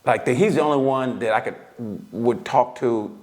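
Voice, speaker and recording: A man's voice: medium pitch, normal speed. Man, casual podcast storyteller, profane and loose, laughs often. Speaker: podcast co-host. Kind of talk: casual chat.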